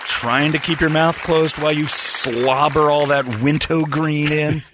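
A man's voice: on the high side, steady tone, a crowd in the background, background noise. A man hosting a radio show with mocking, joke-heavy banter. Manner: mocking, quick with jokes.

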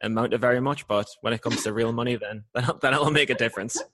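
A man's voice: mid-range voice, fast talker, fairly bright tone, slight background noise. A man co-hosting an interview in a playful, joking way. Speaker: co-host. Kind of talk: casual interview chat.

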